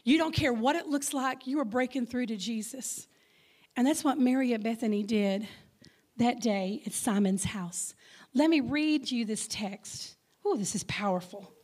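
Lively Texan woman preaching. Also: fairly high pitch, measured pace. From Texas. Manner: lively, conversational preaching with dramatic whispers. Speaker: guest speaker. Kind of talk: sermon.

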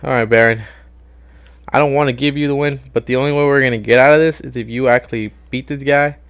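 A young man talking through a wrestling video game in loose, casual commentary. He gets excitable fast, swears freely and shouts at what happens on screen. His voice sits at an everyday middle pitch. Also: smooth. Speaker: gaming YouTuber.

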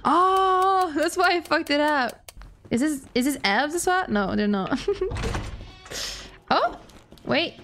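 A woman streamer giving first-time gameplay commentary, excitable, laughing and swearing often as she talks to her chat. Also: high voice, slow, long pauses, faint music behind. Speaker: gaming streamer.

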